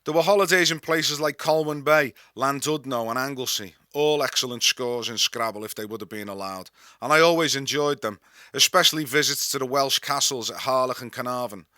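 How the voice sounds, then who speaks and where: A man with a Scouse accent reads aloud from his own memoir. His voice is bright and forward, and his delivery is wry and dry-humoured. The recording is close and dead dry. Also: medium pitch, fairly quick, dry recording. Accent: Liverpool (Scouse). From Liverpool, England. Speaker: author and narrator. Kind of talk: memoir reading.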